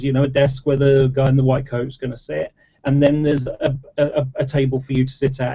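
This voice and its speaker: A man's voice: mid-range voice, dark tone. A man explaining at length in casual chat, rambling with lots of fillers and restarts. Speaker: debater in an online chat. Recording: dull lo-fi audio.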